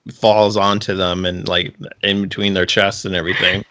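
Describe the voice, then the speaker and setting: Low-voiced man rambling in casual chat. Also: little pitch movement, moderate pace, sharp tone. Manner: rambling, many restarts and "like" fillers. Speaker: podcast co-host.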